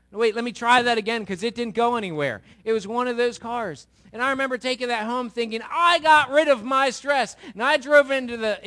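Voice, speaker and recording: A middle-aged man preaching a sermon to a live congregation, asking the audience questions and acting out quotes. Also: high voice. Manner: animated, asks the audience questions, acts out quotes.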